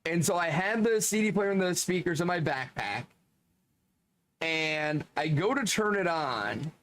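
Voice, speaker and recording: A man streaming, telling casual anecdotes in an animated way, laughing often and swearing freely. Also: on the high side, a little slow. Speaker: streamer reading chat.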